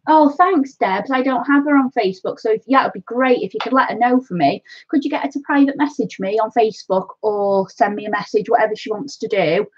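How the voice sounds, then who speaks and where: A woman's voice: on the high side, fairly quick, few pauses, slightly rough, highs cut off. A woman from North Wales with a Welsh accent hosts a craft live stream, chatting casually and calling her viewers "my love".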